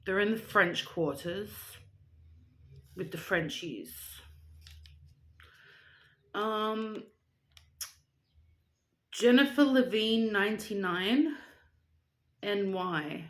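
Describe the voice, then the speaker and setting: A young woman vlogger chatting casually while reading out viewer shoutouts, playful and rambling. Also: medium pitch, lively intonation, drawn-out words, long pauses. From Australia. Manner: chatty and playful, with silly asides and rambling tangents.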